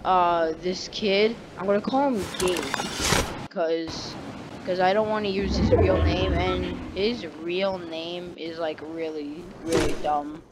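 A man's voice: sits high, fairly even intonation, slow, heavy background noise. A teenage boy telling a casual story-time tale, rambling and correcting himself often. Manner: rambling, full of fillers and self-corrections.

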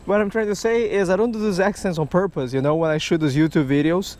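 Outdoors by a canal and creek on a hot day, a man narrates his fishing vlog, explaining as he goes and checking in with "right?" in a chatty manner. He talks fast, in a high-sitting voice with a darkish tone.

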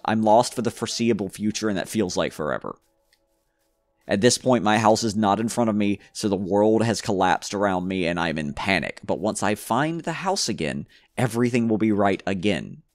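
A man's voice: low-pitched, no echo, clean studio sound. A man giving casual gameplay commentary, rambling and joking to himself with frequent stumbles. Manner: rambling, jokey self-talk with stumbles. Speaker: gamer.

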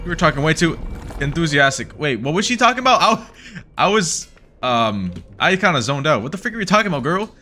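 A man giving excitable let's play commentary on a horror game, swinging between mutters and yelps. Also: a little high, brisk, faint music behind. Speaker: gaming YouTuber.

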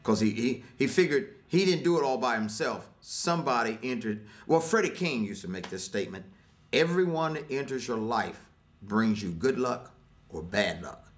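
A man telling a story in an interview, measured and reflective, quoting old sayings. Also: mid-range voice, expressive.

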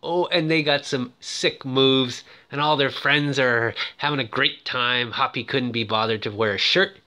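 A man retelling a movie plot in a casual, excitable way, with many fillers and quick put-on voices for the characters. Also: medium pitch. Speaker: film recap presenter.

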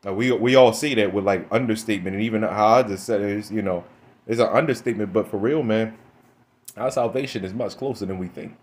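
A man's voice: on the low side, brisk. A young man preaching a blunt, fiery monologue, cursing often and tagging his lines with "man" and "right?". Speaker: religious speaker.

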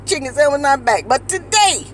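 A woman's voice: sits high, sing-song, normal speed, a little hiss or hum. A woman hosting a casual mukbang vlog, dramatic and repetitive, talking straight to her viewers. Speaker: mukbang host. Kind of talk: casual eating-show vlog chat.

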